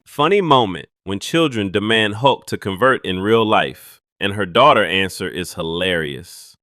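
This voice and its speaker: Male narrator, low register with a lively pitch, dry close sound, announcing clip intros. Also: unhurried, no echo. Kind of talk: scripted voice-over narration.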